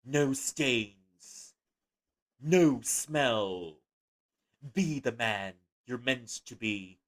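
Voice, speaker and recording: A man putting on the voice of a smooth announcer in a grooming commercial, drawn out and grand. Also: mid-range voice, drawn-out words. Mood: grandiose.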